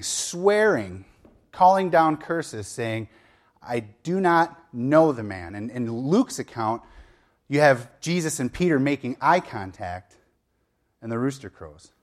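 A man's voice: on the high side, expressive, measured pace. A man preaching a sermon as a pastor, retelling a story in a conversational way with asides and light humor.

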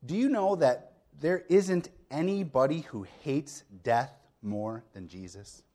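Middle-aged pastor preaching conversationally. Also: male voice, a little high, expressive, slow, a little mellow. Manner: explains step by step, with frequent "okay?" check-ins; rhetorical questions to the congregation. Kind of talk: conversational sermon.

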